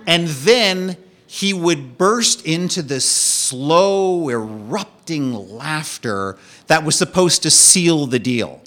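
A man delivers a personal story as a slow monologue. His tone is wry and animated, but he drops low and quiet when the story turns darker.

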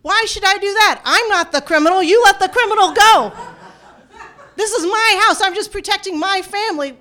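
A woman voicing an angry older drunk man who shouts indignantly at police officers. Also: very high voice, normal speed, pitched above the performer's own voice. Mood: indignant yelling.

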